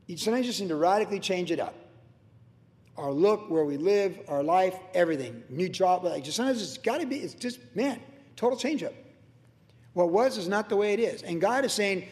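A man preaching a sermon in an energetic, excitable way with chatty asides. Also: high voice. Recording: long hall reverb.

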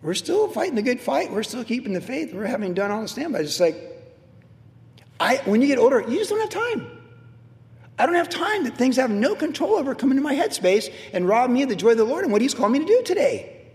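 A man's voice: very high voice, very animated, fast, a little mellow, in a large hall. A middle-aged man preaching a sermon as pastor, emphatic and repetitive as he drives home his points.

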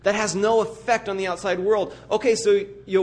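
Earnest, higher-voiced man preaching a sermon. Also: level tone, fairly quick, hardly any pauses. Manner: earnest, emphatic, builds vivid everyday illustrations. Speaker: pastor. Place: church.

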